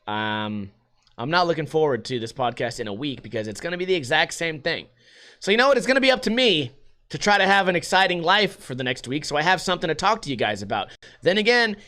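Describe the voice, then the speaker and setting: A man's voice: a little high, bright, forceful tone. A man hosting a casual solo livestream podcast, rambling sarcastically and swearing freely. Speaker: podcast host.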